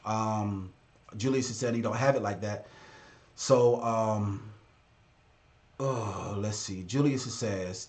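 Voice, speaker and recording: A man's voice: on the low side, slow, long pauses, darkish tone. A man hosting a casual live stream as a business consultant, talking straight to his viewers in a blunt, direct way. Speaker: livestream host and business consultant.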